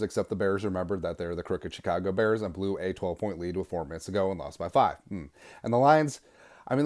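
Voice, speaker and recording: A man hosting a sports podcast, delivering an energetic, sarcastic fan rant. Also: fairly low pitch. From Minnesota. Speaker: podcast host.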